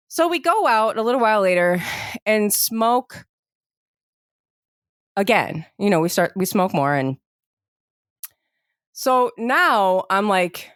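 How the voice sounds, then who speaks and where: A woman with a mid-range voice co-hosts a podcast, animatedly telling a long personal story in casual chat packed with fillers like "like" and "you know." The sound is clean studio audio with no room sound.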